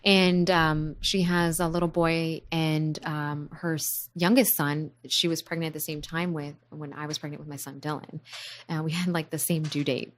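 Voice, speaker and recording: A woman in her thirties chatting on a podcast, lively and playful as she tells her stories. Her voice sits a little low for a woman. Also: normal speed. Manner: animated storyteller, playful asides. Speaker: podcast co-host. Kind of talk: casual chat.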